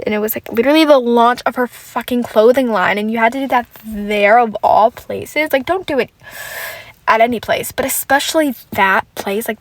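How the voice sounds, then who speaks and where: A woman's voice: a little high, fairly bright tone, rough recording. A woman hosting a solo podcast, ranting in a casual, rambling way, swearing often and filling her talk with "like.". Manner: rambling, profane, heavy filler "like". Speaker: podcast host.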